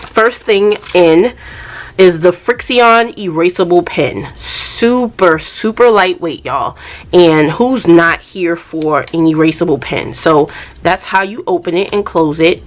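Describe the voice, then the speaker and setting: Chatty woman unboxing planner goods. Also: lowish voice. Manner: chatty, addresses viewers as y'all. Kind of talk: casual unboxing vlog.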